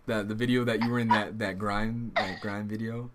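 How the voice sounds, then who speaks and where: A man's voice: fairly low pitch, fairly even intonation, normal speed, noisy background. An American man hosting a podcast in casual chat, reading out comments and laughing a lot. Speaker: podcast host.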